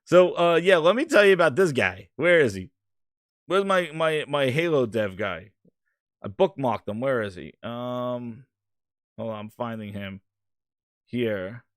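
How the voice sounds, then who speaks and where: A man hosting a live stream, talking in a rambling, excitable way with casual swearing. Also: medium pitch, measured pace, no echo, clean studio sound. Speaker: host.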